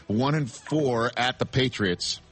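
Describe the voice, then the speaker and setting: A man hosting sports talk radio, brisk and teasing as he runs callers through a schedule. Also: mid-range voice, expressive, a bit bright. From New York area.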